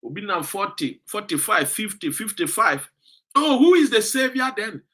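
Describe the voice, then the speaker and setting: A man's voice: high voice, very animated, moderate pace, sharp tone. A Ghanaian man giving impassioned political commentary. He lectures and scolds his audience with rhetorical questions and reads out viewer comments.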